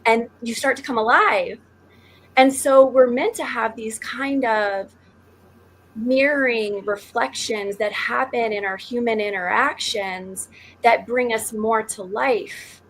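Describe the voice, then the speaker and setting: A woman's voice: fairly high pitch, slow pace, slight background noise, rough recording. A woman panelist who works as an intuitive healer, speaking in a flowing, earnest way with spiritual phrasing. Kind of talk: reflective podcast discussion.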